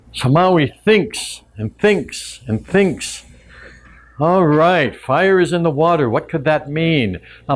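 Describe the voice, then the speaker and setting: Slow, relaxed male storyteller. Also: a little high. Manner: relaxed, conversational, frequent asides. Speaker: storyteller and teacher. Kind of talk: oral storytelling to a live audience.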